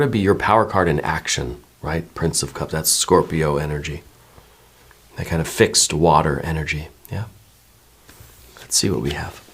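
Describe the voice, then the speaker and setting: Low-voiced man giving a gentle tarot reading. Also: breathy edge. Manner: musing and meandering, many hedges and repeated "right?". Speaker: tarot reader. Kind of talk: intuitive tarot reading to viewers.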